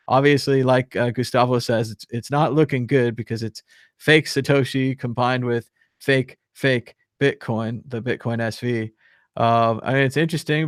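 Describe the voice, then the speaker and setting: A man's voice: mid-range voice, dry recording, studio quality. A man hosting a live online show, chatting casually and reading viewer comments aloud with lots of fillers. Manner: rambling, filler-heavy, reads chat aloud with chuckles. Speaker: crypto show host. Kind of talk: casual live-stream chat.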